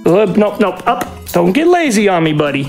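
A speedrunner at a live event stage giving a dog short coaxing commands and chatting excitedly about the run. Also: medium pitch, normal speed, faint music behind.

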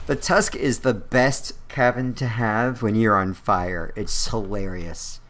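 A man giving casual gameplay commentary, excitable and exclaiming at the action. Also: medium pitch, slow pace, slight background noise.

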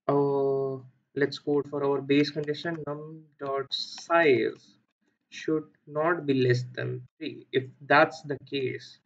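A man with an Indian accent talks slowly through a coding solution, pausing on fillers and correcting himself as he goes. His voice sits a little high for a man. The recording sounds dull and lo-fi. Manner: thinking aloud with frequent fillers and self-corrections. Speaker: coding tutor. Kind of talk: screen-recorded coding walkthrough.

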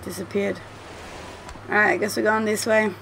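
A woman's voice: mid-range voice, flat delivery, normal speed, vocal fry, fairly bright tone, slight background noise. A woman commentating her gameplay at home, chatty and swearing freely as she talks to the game. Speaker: gameplay streamer. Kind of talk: let's play commentary.

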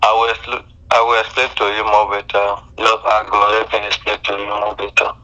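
A man's voice: fairly low pitch, monotone, a little fast, bright, forceful tone. A man on a phone call who keeps pleading with her to hold on and listen. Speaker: scam caller. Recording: muffled phone line.

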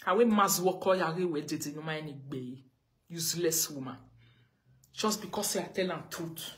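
A woman's voice: deep voice, moderate pace. A woman with a Nigerian accent, ranting on a live video and scolding someone with the same pointed questions again and again. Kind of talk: confrontational live rant.

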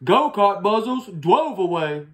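A woman's voice: mid-range voice, very animated, slow pace. A woman reading a rhyming picture book aloud in a sing-song way, stopping now and then to fix her slips. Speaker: storyteller.

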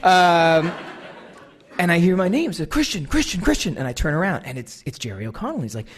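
A man's voice: fairly high pitch, lively intonation, brisk. A man in his thirties with an American accent, telling a comic, self-deprecating story to a live audience and acting out the dialogue. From United States. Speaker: guest speaker.

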